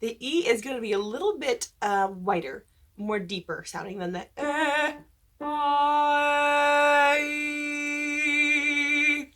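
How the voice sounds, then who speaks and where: Speaking at a normal pace in a mid-range voice, a female voice instructor patiently teaches church cantors the rules of diction, with slight background noise. Her lesson is punctuated by sung examples that show how to shape vowels.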